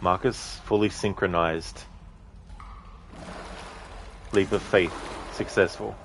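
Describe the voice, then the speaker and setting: A man's voice: low voice, steady tone, measured pace, a bit bright, slight background noise. A male streamer chatting casually with viewers while playing, reading out their redeems. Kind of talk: casual live-stream chat while gaming.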